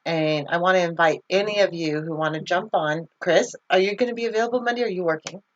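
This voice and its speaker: On a slightly muffled video call, a livestream host with a voice on the low side talks at a quick pace. She chats casually, laughs a lot, and reads viewers' comments out loud.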